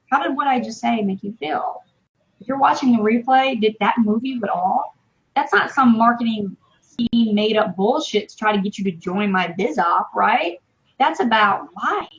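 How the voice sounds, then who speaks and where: A woman's voice: a little high, lively intonation, moderate pace, creaky. Passionate, swearing woman on a muffled stream. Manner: passionate, emphatic, swears freely. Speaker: interview guest, online business marketer. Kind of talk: casual live-stream interview. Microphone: video call.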